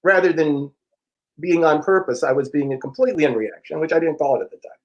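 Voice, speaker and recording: A middle-aged man, an interview guest and personal growth teacher, telling a story in a frank, profane, animated way and acting out the dialogue. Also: fairly high pitch, a little fast, a little hiss or hum, low-quality recording. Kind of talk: casual storytelling.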